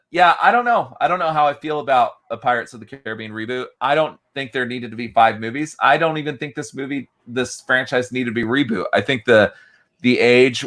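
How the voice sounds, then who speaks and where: A man co-hosting a casual podcast chat, joking around and acting out quick impressions as he talks. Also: mid-range voice, a bit bright. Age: adult, father of kids. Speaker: podcast co-host.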